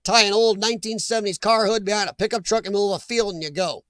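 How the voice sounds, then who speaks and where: A man's voice: sits high, steady tone, very fast, fairly bright tone, clear, resonant tone, no room sound. A middle-aged man hosting a live chat stream, rambling and joking as he reacts to viewers' comments.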